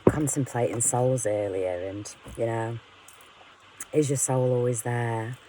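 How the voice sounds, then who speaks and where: A woman's voice: very deep voice, fairly even intonation, slow pace, background noise. A woman venting in a candid, rambling monologue to her camera, frank and full of swearing, often laughing at herself. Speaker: vlogger.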